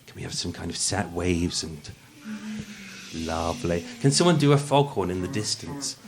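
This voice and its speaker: A man's voice: low-pitched, animated, a little fast, background noise. A man from Birmingham hosting a true-crime show, telling the story live with jokey asides, stumbling and restarting as he goes. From Birmingham, England. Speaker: true-crime podcast host.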